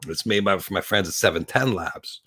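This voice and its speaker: A man's voice: low voice, bright, forceful tone, slightly rough. Rambling stoned man in his fifties. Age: 50s. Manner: rambling, giggly, stoned and slowing down. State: very high on cannabis. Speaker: livestream host. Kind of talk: casual live-stream chat. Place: outdoor porch.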